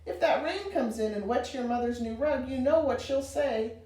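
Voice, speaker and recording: A woman voicing a flustered father who yells in a high, frantic voice, read aloud in a roomy space. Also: normal speed, far from the mic, close to an everyday voice. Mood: stern. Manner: frantic, yelling high and loud. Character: flustered shouting father, middle-aged man. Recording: roomy, reader away from mic.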